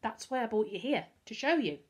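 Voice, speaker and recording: A determined young boy hero, worried and urgent, as a woman reads him aloud. He talks pleadingly, with a husky edge to the voice. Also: fairly high pitch, big pitch swings, a little fast, pitched above the performer's own voice.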